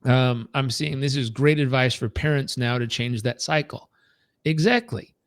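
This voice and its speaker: A man in his thirties leading a live coaching training, telling stories and acting out quoted voices with big jumps in pitch. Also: moderate pace, no echo. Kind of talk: live training talk with storytelling.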